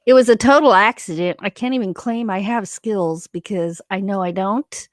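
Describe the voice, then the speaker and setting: Woman host at home, chatty livestream talk, reads out comments, dry sound, mid pitch. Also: normal speed, no room sound. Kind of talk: casual livestream chat. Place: her home.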